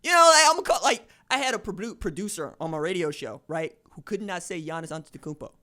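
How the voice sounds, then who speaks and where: Animated man hosting a sports podcast. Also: high voice, fast. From Tulsa, Oklahoma. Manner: animated, storytelling with quoted voices and laughs. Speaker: podcast host. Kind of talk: casual sports chat.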